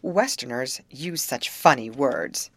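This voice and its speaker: A woman's voice: rumbling low, expressive, slow pace, dry recording, exaggerated voice. A woman reading the part of a blunt, teasing teenage girl in an audiobook.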